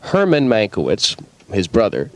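A man's voice: lowish voice, huge pitch swings, normal speed, a little hiss or hum. A man telling a matter-of-fact anecdote during an improvised radio comedy. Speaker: comedy troupe member.

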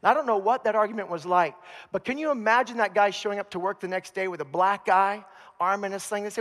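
A man preaching a sermon as pastor, telling the story with humor and animated asides. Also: high-pitched, a little fast, long reverb tail. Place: church.

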